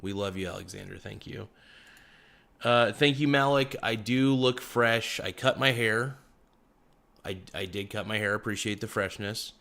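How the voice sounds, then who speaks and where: Low-voiced man hosting a casual livestream. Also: unhurried, vocal fry, fairly bright tone. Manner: joking, teasing banter with chat. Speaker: livestream host. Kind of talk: casual livestream chat reading comments.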